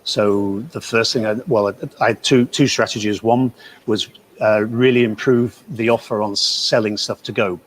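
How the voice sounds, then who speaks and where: A man's voice: fairly low pitch, normal speed, slight background noise, poor audio. British man explaining on a video call. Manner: steady, fluent explaining. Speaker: guest, shop owner. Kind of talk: casual video-call interview.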